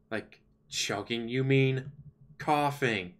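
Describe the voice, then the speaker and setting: A man at an ordinary middle pitch rambles to his livestream viewers in a loose, sarcastic way. He grumbles and jokes as he talks, casual rather than scripted. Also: moderate pace, bright, forceful tone. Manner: complaining, chatty, sarcastic. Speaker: livestream host.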